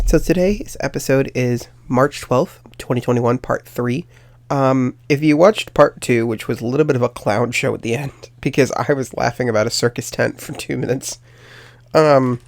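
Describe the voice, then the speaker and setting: A man's voice: medium pitch, normal speed, darkish tone, no room sound. A young man hosting his own podcast, telling a personal story in a rambling, self-deprecating way with lots of fillers. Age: young adult. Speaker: podcast host. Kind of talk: casual storytelling monologue.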